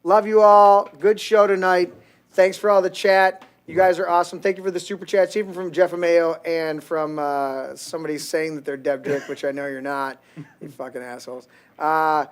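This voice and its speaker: A man's voice: on the high side, steady tone, normal speed, smooth. A man hosting a casual podcast, rambling through stories and swearing freely. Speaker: podcast host. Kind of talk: casual chat.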